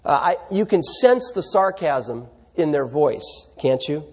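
Male pastor, high and a little breathy, chatty sermon delivery with rhetorical questions. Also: expressive, a little slow, few pauses, darkish tone, in a large hall. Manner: conversational preaching, rhetorical questions to the congregation.

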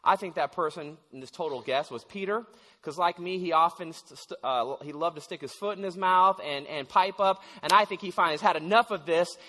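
High-voiced man preaching in an echoey hall. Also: brisk. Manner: animated storytelling with stammers and restarts. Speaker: pastor. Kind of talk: sermon.

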